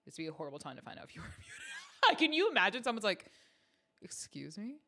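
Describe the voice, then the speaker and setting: A woman's voice: fairly high pitch, huge pitch swings, rapid-fire, fairly bright tone. A woman hosting a livestream from home, chatting casually with her viewers in a playful, self-mocking way. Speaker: stream host.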